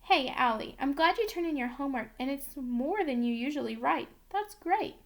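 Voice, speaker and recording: A woman's voice: high-pitched, animated, normal speed. A woman reading aloud, voicing an upbeat male schoolteacher who encourages his class. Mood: cheerful. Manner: cheerful, encouraging.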